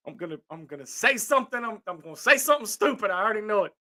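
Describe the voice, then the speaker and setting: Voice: medium pitch, sharp tone, dry recording. A sports talk show host giving blunt opinions, tripping over restarts when worked up.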